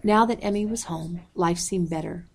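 A woman reading a story aloud at a measured pace, calling out page numbers as she goes. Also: lowish voice, gravelly. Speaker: audiobook reader.

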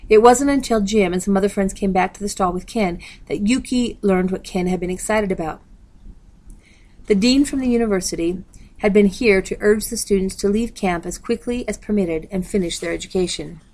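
Gravelly woman reading a novel aloud. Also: medium pitch, moderate pace, low-quality recording. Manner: steady, plain, reads page numbers. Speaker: audiobook reader.

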